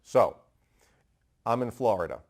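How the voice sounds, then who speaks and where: A man from New York teaching a bar exam review, fast and emphatic, asking rhetorical questions and answering them himself. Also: fairly low pitch, lively intonation, vocal fry. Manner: brisk and emphatic, repeating key terms. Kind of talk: energetic law review lecture.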